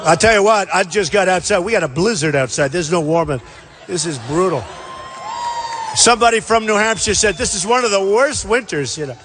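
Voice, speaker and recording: A man's voice: high voice, animated, fairly quick, crowd noise, background noise. A man giving a campaign rally speech, boastful and repetitive, hammering his points with punchy emphasis. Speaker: political candidate at a rally. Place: large indoor rally venue. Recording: long hall reverb at a rally.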